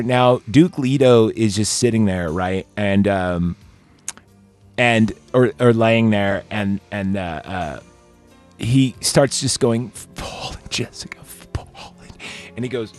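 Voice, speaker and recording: A man's voice: medium pitch, slow pace, dry recording, soft background music. Rambling man retelling a movie. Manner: rambling with many fillers, acting out quoted lines. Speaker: podcast host. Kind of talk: casual chat, retelling a movie scene.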